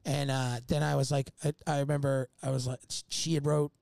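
A man's voice: mid-range voice, little pitch movement, a little fast, gravelly, darkish tone, no room sound, clean studio sound. A man telling a long, rambling story as a podcast guest, swearing often and laughing mid-sentence. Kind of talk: casual storytelling chat.

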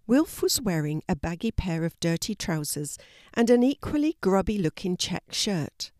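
An older woman narrating a children's story in a slow, gentle storybook manner. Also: fairly low pitch, sing-song, no echo, studio quality.

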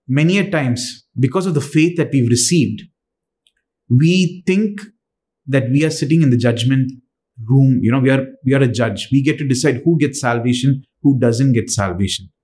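A man's voice: medium pitch, dark tone. Earnest man preaching a sermon. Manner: earnest, halting with many fillers and restarts.

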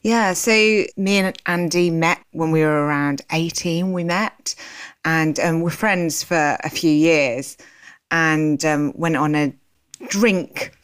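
A woman with a notably low voice tells her own story as an interview guest. She is animated and slips into the voices of remembered conversations as she goes. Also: takes it slowly, clear, resonant tone. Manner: animated, acts out remembered dialogue.

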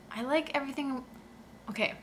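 A woman's voice: sits high, a little hiss or hum. A woman co-hosting a casual podcast who jokes and laughs a lot while chatting about a book series. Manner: bright, joking, laughs often. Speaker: podcast co-host. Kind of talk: casual chat.

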